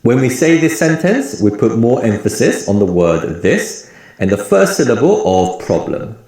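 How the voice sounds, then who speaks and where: A man giving a scripted lecture as a language teacher, explaining slowly and in a measured way. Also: medium pitch, sing-song, warm tone, very echoey, rough recording.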